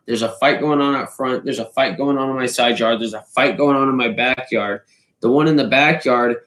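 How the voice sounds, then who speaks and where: A man spins a rowdy anecdote in loose, casual talk, heavy with swearing and punchy sound effects. His voice sits at an ordinary middle pitch, and the room around him rings with a noticeable echo. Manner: profane, animated, fond of sound effects. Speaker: storyteller. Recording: roomy echo.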